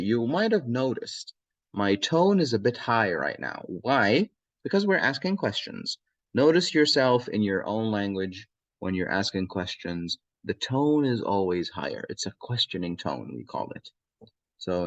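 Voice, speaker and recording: An Arabic teacher with a dull-sounding recording and no room sound gives a language lesson in a lowish voice with big pitch swings. He repeats short phrases slowly and keeps checking in with the learner, asking "okay?" and "yes?"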